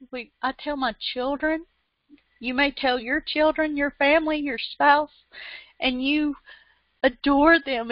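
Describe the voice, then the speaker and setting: A high-voiced woman preaching a sermon, unhurried and fervent, her emotion building into repeated praises. The sound is dry and close, and the recording is dull and lo-fi. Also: dry recording.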